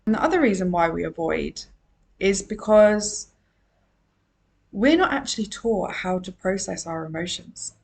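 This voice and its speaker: A woman's voice: mid-range voice, vocal fry. Earnest woman coaching on podcast. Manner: earnest, emphatic, repeats key phrases. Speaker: emotional wellbeing coach. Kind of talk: solo podcast monologue.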